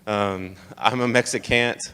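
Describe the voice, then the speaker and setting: A man's voice: lowish voice, steady tone, a little slow, sharp tone, clear, resonant tone. A young man from Texas telling his life story to an audience in a casual, joking way. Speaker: speaker. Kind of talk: personal testimony talk. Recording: long hall reverb.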